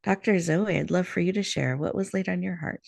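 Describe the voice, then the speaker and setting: A woman hosting a show, leading listeners through a guided breathing meditation in a soft, soothing way over a video call. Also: on the low side, creaky, dry recording, clean studio sound. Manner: soft, slow, soothing guidance. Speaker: host.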